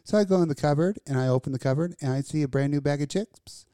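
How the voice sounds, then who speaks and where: A woman co-hosting a podcast, telling a story in a casual, animated and profane way. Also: deep voice, fast talker, no room sound, clean studio sound. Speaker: podcast co-host. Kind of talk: casual chat.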